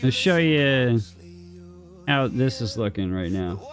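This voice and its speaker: A man's voice: medium pitch, expressive, takes it slowly, faint music behind. A man streaming a strategy game, chatting casually and answering his chat, often repeating words as he talks. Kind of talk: casual gaming commentary, reading chat.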